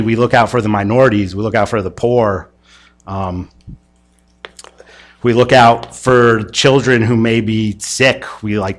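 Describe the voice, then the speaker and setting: A man's voice: mid-range voice, fairly bright tone. A man teaching a church discussion class in a casual, rambling lecture full of fillers and restarts. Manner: rambling, hesitant, many fillers.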